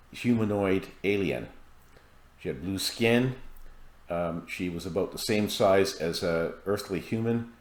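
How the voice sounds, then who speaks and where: A man with a very low voice tells his audience a story in a calm, measured monologue, now and then stopping on a filler. The sound is roomy, with echo around him. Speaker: author and hypnosis practitioner. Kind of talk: monologue to camera.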